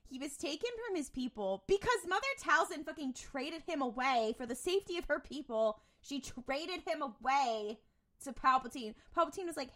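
A woman's voice: high voice, animated, moderate pace, fairly bright tone. A woman co-hosting a podcast, talking animatedly, swearing a lot and laughing often. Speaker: podcast co-host. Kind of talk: casual chat.

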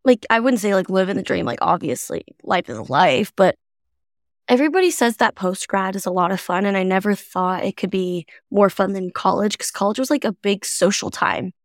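A woman's voice: medium pitch, normal speed, dry recording, studio quality. A woman in her twenties co-hosting a podcast, rambling casually with lots of "like". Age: 20s. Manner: animated, rambling, frequent "like". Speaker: podcast co-host. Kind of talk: casual chat.

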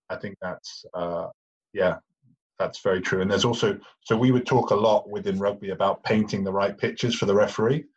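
Posh English man, husky and low. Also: muffled recording. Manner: chatty, self-deprecating, restarts often. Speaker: guest, retired rugby player. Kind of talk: casual storytelling chat.

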